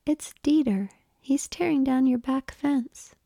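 A cheeky young woman teases her lover in whispered role-play, as a woman narrator puts her on. Her hush is slow, dark and gravelly, close and dry. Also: high voice, dry recording, pitched above the performer's own voice, full character voice. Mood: teasing. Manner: teasing, blunt.

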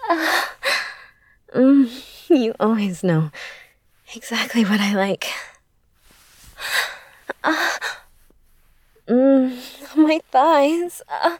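A woman in an intimate audio role-play, breathy and moaning, pleading, slipping into soft whispers. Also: sits high, lively intonation, drawn-out words, pauses often, no echo, studio quality.

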